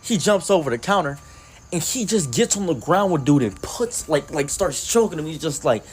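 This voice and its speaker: A young man telling a story in a casual, animated, rambling way with lots of fillers. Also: a little high, normal speed, slightly rough.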